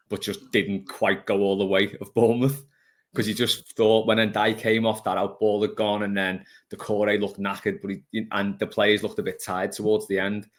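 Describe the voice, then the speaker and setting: A man hosting a casual football podcast, reading out listener questions in a chatty, easygoing way. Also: lowish voice.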